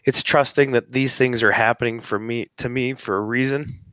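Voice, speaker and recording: A man hosting an interview, emotional and near tears, reflecting haltingly with many fillers. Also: medium pitch, steady tone, a bit bright, no echo. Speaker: host. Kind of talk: casual interview chat.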